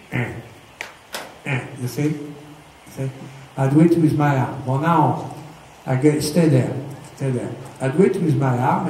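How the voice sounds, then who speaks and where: Guy coaching riding, patient, keeps asking okay?, mellow voice, big echo, mic far off. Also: medium pitch. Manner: patient, explains step by step, often checks "okay?". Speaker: riding instructor. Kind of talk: hands-on riding lesson. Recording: echoey, distant mic with faint noise.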